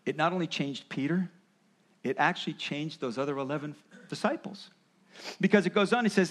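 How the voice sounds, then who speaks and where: Brisk and a little high, a male pastor delivers an animated sermon, explaining points and performing quoted voices of parents and Jesus along the way.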